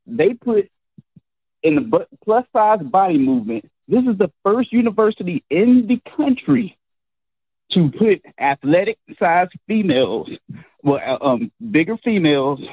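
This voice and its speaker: A man's voice: a little high, no room sound. A man calling in to a show, speaking hesitantly with many fillers. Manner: hesitant, full of fillers, laughing at first. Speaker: caller. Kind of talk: phone-in commentary. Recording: dull lo-fi phone line.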